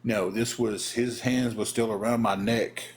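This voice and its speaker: A man's voice: fairly low pitch, steady tone, measured pace. A man, a former pro wrestler, casually telling a story on a live stream, acting out the voices of the people in it.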